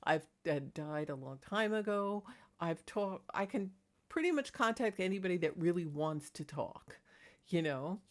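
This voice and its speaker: A woman's voice: lowish voice, lively intonation, measured pace. A woman talking casually in a rambling, chatty vlog about her paranormal experiences, laughing between thoughts. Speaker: paranormal vlogger.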